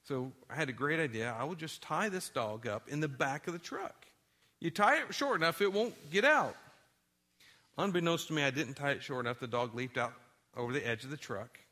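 Male pastor, bright tone, animated sermon storyteller. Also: medium pitch, brisk. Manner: animated storytelling, drops to quiet tones for sad moments.

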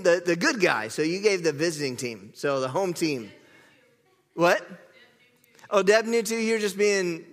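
A man's voice: on the high side, a bit bright, big-room sound. A man preaching a sermon, chatty and self-correcting, joking with the congregation. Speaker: pastor. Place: church sanctuary.

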